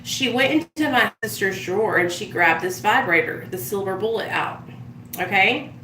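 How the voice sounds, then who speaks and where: A woman's voice: medium pitch, animated, moderate pace, sharp tone, roomy sound, recorded from a distance, slight background noise, poor audio. A woman chatting casually on a live stream, telling stories and swearing freely as she does her makeup. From United States. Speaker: vlogger.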